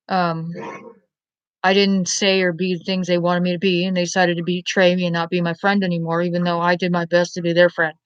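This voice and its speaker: A woman's voice: fairly low pitch, clean tone, dry recording, dull audio. A woman vlogger rambling bluntly to camera in a profane rant, often asking "you know what I mean?".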